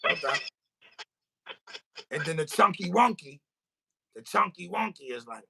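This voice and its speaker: A man hosting a podcast and ranting in an animated, comic way. His voice is gravelly and husky with a bright, forceful edge. His pitch swings widely. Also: moderate pace, long pauses. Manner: animated, profane, comic storytelling. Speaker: podcast host. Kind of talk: casual podcast rant. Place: studio.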